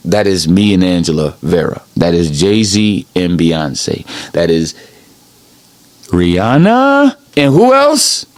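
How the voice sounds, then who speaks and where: A man's voice: deep voice, sing-song, takes it slowly. A man giving a rambling improvised sermon as a self-styled preacher, emphatic and repeating "okay?" after his points.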